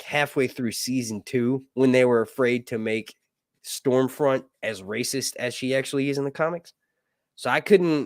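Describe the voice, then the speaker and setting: A man's voice: mid-range voice, no echo, studio quality. A man casually reviewing a TV show on a live stream, rambling and cracking crude jokes.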